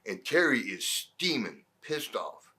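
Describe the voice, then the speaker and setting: Middle-aged man, ex-wrestler guest, bright edgy tone, loose and profane storyteller. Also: medium pitch, slow pace, slightly rough. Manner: profane, animated storytelling with acted quotes. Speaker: former wrestler, interview guest. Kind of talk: shoot interview storytelling.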